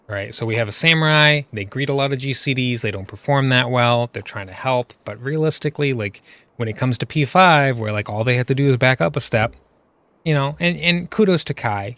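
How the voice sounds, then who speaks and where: A gaming video creator rants in exasperation over gameplay footage, piling on rhetorical questions. His voice is mid-range and a bit bright, with no echo.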